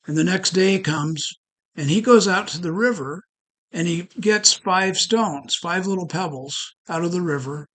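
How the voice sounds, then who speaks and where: Brief: male presenter at a networking meeting, motivational storytelling, lively. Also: on the high side, low-quality recording. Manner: animated, rhetorical questions.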